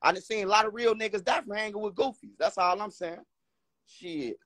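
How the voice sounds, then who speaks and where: A man with a Chicago accent hosts a heated livestream argument, talking brash trash and circling back to the same points. His voice sits high and bright. The sound is dry and close. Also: brisk, dry recording. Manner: brash trash talk, repeats himself. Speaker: host.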